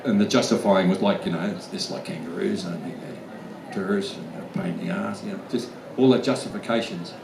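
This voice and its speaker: Brief: Australian man, blunt and sweary storyteller; low voice, distant mic, faint room noise. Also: brisk, gravelly, few pauses. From Australian outback. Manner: blunt, swears freely, laughs often. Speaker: guest actor at fan convention Q&A. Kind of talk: casual storytelling Q&A answers. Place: large convention hall. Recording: echoey hall, from far off, faint room noise.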